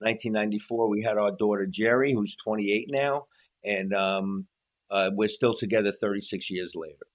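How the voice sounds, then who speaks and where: Animated storytelling man, muffled line. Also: on the low side, normal speed. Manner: animated storyteller acting out quotes. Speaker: guest drummer. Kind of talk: storytelling interview. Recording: slightly dull lo-fi audio.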